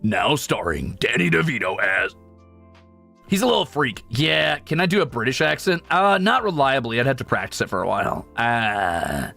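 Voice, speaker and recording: A man streaming casually, chatting with his viewers with quick asides and swearing. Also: mid-range voice, big pitch swings, gravelly, pushed and bright, faint music behind. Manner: casual, quick asides and profanity, shows off vocal range. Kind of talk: casual chat with chat readers.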